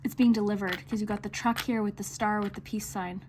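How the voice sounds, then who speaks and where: A woman's voice: mid-range voice, flat delivery, a little fast, slight background noise. A woman giving a casual tarot card reading to viewers, talking in a chatty, reassuring way with lots of fillers. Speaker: tarot reader. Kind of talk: casual intuitive reading to camera.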